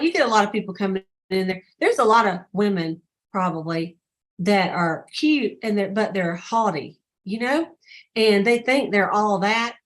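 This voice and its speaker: A woman talks casually to her sales team over a video call. She strings stories together and slips into the voices of the people she quotes. Her pitch sits in an ordinary middle range. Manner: chatty storyteller who acts out quoted dialogue.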